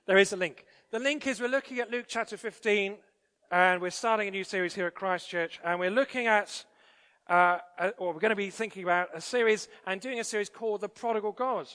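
A man's voice: high-pitched, fairly bright tone. A man preaching a sermon in a church, conversational with frequent fillers and restarts. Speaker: pastor. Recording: church hall reverb.

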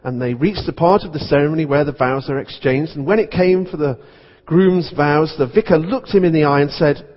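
A man's voice: on the high side, fairly quick. A man serving as vicar, preaching a sermon in a conversational storytelling manner. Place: church. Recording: dull recording in echoey church.

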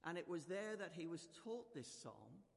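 A man preaching a gentle, conversational sermon in a church, leading the congregation to join in. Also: fairly high pitch, sing-song, moderate pace, vocal fry. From United Kingdom. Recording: reverberant church hall.

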